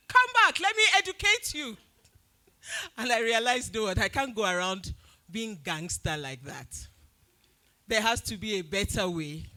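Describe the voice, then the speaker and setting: A Nigerian woman speaking to an event audience as its host, telling a story with lively, loud acted-out quotes. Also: lowish voice. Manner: animated storytelling, acts out quotes loudly. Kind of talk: speech at a live event.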